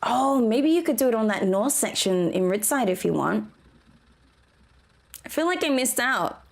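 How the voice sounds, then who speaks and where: Chatty higher-voiced woman from Australia streaming a game. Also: very animated, moderate pace, gravelly. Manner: chatty, giggly, talks to chat while playing. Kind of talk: casual gameplay commentary.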